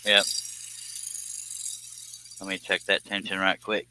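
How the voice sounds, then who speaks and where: A man's voice: sits low, monotone, normal speed, pauses often, heavy background noise. A man hosting a casual live stream, talking in a folksy, self-amused way and chuckling often.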